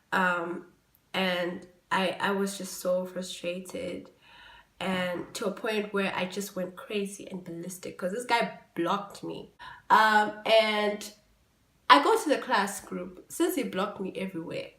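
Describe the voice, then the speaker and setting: A young woman hosting a podcast, telling a personal story in a casual, animated way. She swings from quiet to loud exclaiming and swears freely. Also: medium pitch. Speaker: podcast host. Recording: echoey room.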